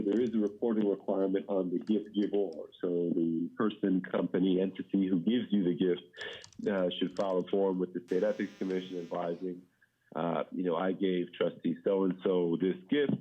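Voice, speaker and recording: A middle-aged man briefing a public board meeting as plan consultant, measured, with many fillers and restarts. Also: low-pitched. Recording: dull municipal meeting audio.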